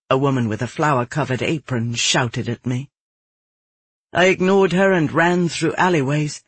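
A man reading a dark first-person novel aloud in a measured, grim storytelling manner. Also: a little high, breathy edge, no echo. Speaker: audiobook narrator. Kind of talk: scripted first-person fiction narration.

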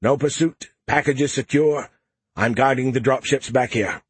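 A man's voice: mid-range voice, moderate pace, slightly rough, dry recording, voice pushed up, close to an everyday voice. A man voicing a male starship AI in an audiobook, giving matter-of-fact reports in a raised voice. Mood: brisk. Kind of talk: audiobook character voice.

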